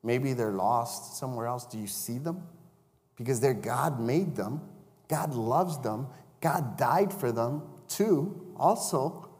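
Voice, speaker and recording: A man's voice: medium pitch, animated, takes it slowly, a little mellow. Male chaplain-preacher, mid-range voice, chatty sermon delivery, recorded in a church sanctuary with a long echo. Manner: conversational, asks the congregation questions.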